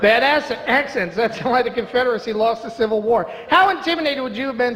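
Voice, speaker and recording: A man's voice: extremely high pitch, a little fast, few pauses, a bit bright. A man from Brooklyn doing a stand-up comedy set, talking in a chatty, sarcastic way and teasing the audience. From Brooklyn, USA. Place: comedy club stage. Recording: reverberant live club with audience noise.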